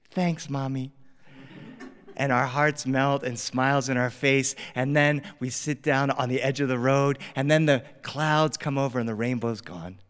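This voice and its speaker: Animated male storyteller in a reverberant studio. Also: mid-range voice, moderate pace, hardly any pauses, smooth. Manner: animated, swings from loud to whispering. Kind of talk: live storytelling performance. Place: studio with audience.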